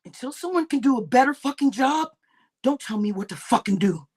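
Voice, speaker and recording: Woman, high voice, livestream host, angry rant, heavy swearing, shouting bursts. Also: animated, a little fast, slightly rough.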